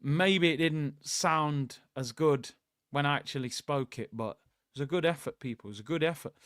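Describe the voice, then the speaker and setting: Male watchalong host: casual, opinionated, talks straight to viewers. Slightly high voice, smooth, dry close sound. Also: normal speed, a bit bright, no room sound. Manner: casual, opinionated, conversational, addresses viewers directly. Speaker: host of a live football watchalong. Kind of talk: live watchalong commentary, reading out chat.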